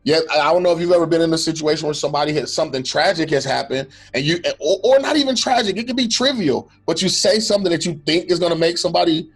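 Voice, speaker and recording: Fast and with few pauses, his fairly high, slightly rough voice carries an earnest, reflective faith-based conversation he co-hosts casually, frequently restarting and voicing imagined remarks from others.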